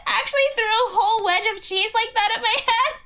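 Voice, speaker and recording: A woman streamer chatting casually with her viewers, playful and quick to giggle. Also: very high voice, sharp tone, a little hiss or hum. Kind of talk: casual live-stream chat.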